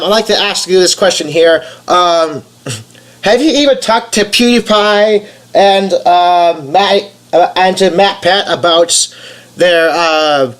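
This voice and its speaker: Young male YouTuber, nasal, high-ish voice, unhurried, hesitant commentary with lots of ums. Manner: hesitant, many fillers and restarts. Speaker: game voice-over YouTuber. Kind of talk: casual rambling commentary.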